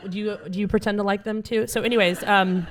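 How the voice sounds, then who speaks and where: A woman's voice: mid-range voice, steady tone, quick pace. A woman in her thirties with an American accent that sounds like Connecticut, whose first language is Arabic, telling a comic personal story to a live audience with a playful, self-mocking delivery and frequent laughter at her own jokes. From United States (Alabama). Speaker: storyteller on stage. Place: event stage with live audience. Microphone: handheld microphone.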